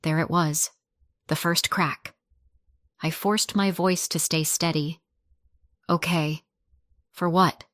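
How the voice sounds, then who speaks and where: A woman narrates a scripted first-person story at an unhurried, deliberate pace. Her voice sits a little low and stays soft and measured. The recording is dry and close, with no room sound. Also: fairly even intonation, dry recording.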